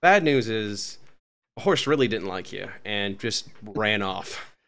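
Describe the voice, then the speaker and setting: A man's voice: on the low side, animated, takes it slowly, vocal fry, a bit bright. A man narrating a tabletop game as game master, joking and rambling with many restarts.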